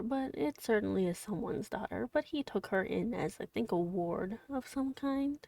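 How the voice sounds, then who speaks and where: A young woman streamer chatting quietly and gently, half-whispering as she recaps a book she reads aloud. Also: a little high, dry recording, distant mic. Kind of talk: gentle soft-spoken livestream chat.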